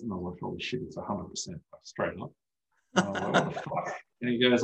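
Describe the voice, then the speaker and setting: A man's voice: fairly low pitch, fast talker, creaky, fairly bright tone, reverberant, slight background noise, rough recording. A man speaking as an osteopath guest in casual podcast chat, telling stories animatedly and swearing freely.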